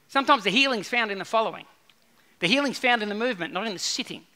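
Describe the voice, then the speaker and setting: A man delivers a sermon from the pulpit, building his points through repetition and voicing the people he quotes. His voice sits high and sounds sharply bright. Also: quick pace. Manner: animated preaching with repeated phrases and acted-out quotes. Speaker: pastor.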